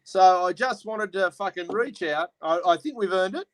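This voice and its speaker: A man's voice: high voice, normal speed, very noisy. A man with an Australian accent hosting a casual chat, talking bluntly and swearing as he rambles. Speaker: host.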